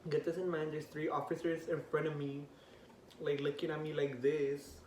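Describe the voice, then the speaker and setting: A teenage young man telling a storytime vlog, animated and profane, acting out what people said with rising outrage. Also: a little high, moderate pace. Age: teens. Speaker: vlogger. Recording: echoey room, voice a bit off-mic, faint hiss.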